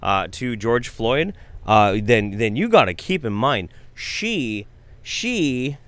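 Lively sarcastic male commentator. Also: medium pitch, slow, no room sound. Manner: mocking, animated, swearing. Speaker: commentary YouTuber.

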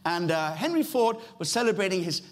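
A man's voice: sits high, sing-song, a little fast. A middle-aged man with a British accent preaching a sermon in a church, emphatic, repeating key phrases and speaking straight to the congregation. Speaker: pastor.

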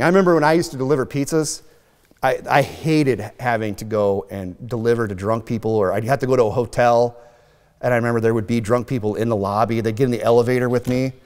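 Male pastor, casual joking sermon delivery, mid-pitched voice, long reverb from the hall. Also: darkish tone, clear, resonant tone. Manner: conversational, joking, mocking voices for drunks. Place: church sanctuary.

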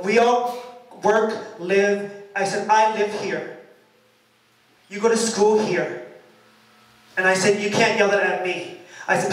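A high-voiced man tells an animated story to a crowd at a loft party, acting out every line of the exchange. He sounds set back from the mic, and the room rings with a heavy echo. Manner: animated, dramatic retelling with quoted shouts. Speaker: singer telling a story before his song. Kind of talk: storytelling to a live audience. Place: party loft at a bookshop, live event. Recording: roomy, distant live-venue mic.

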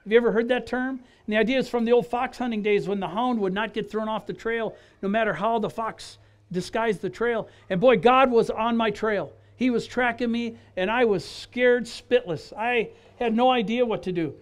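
A man from Wisconsin giving his personal testimony in an animated storytelling style, acting out dialogue and restarting his phrases often. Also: very high-pitched, moderate pace. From Wisconsin, USA.

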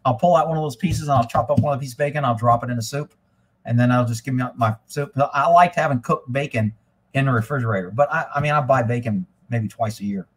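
Husky-voiced man rambling on a live stream. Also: medium pitch, fast talker. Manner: rambling, swears freely, animated when retelling stories. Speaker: livestream host. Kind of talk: casual livestream chat.

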